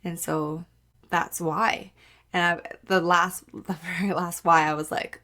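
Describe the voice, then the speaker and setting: A woman with a lowish, pushed and bright voice speaks slowly in a flat delivery. She hosts her own podcast as a casual solo monologue, talking candidly and conversationally, packing in "like" and acting out things she once said.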